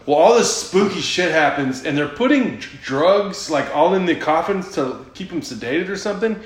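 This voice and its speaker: In an echoey room, a podcast host with a voice on the high side talks at normal speed, expressive as he recaps a film's plot. His casual retelling is rambling and profane, and he laughs a lot.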